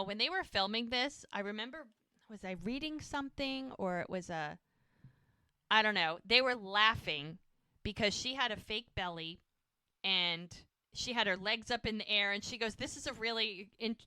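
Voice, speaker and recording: A woman's voice: mid-range voice, pushed and bright, clear, resonant tone, dry recording. A woman co-hosting a rewatch podcast, eagerly retelling scenes and acting out the characters' lines in casual chat. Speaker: podcast co-host recapping a show.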